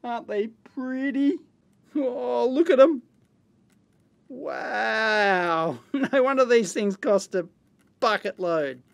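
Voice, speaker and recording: A middle-aged man with an Australian accent, hosting a casual unboxing video from his electronics lab in an excitable, rambling way full of exclamations and slang. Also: very high-pitched, takes it slowly, vocal fry. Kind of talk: casual unboxing and teardown commentary.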